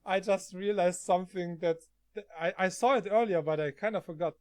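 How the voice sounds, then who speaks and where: A man streaming from home, chatting casually, often halting and laughing. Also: high-pitched, darkish tone, dry recording.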